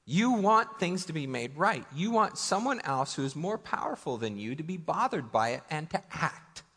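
Emphatic preacher, animated, hall reverb. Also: male voice, fairly high pitch, normal speed, husky. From United States. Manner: conversational preaching with rhetorical questions, emphatic. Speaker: pastor. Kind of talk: sermon. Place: church sanctuary.

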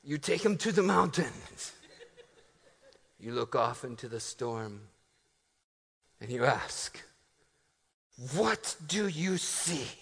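A man putting on a mock foreign accent to play an over-the-top motivational speaker, dramatic and breathy, in a sermon. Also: medium pitch, big pitch swings, slow pace, long pauses, fairly bright tone, big-room sound, heavily acted. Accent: put-on Spanish-flavored foreign accent. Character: man doing a hammy movie-style motivational speaker.

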